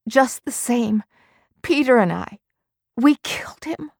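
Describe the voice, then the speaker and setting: A grieving young mother in a storybook reading, put on by a woman narrator. She sounds strained and tearful, pushed higher than the reader's own voice, bitter and worn down. Dry, close sound. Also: expressive, slow, creaky, no room sound, heavily acted. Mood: anguished.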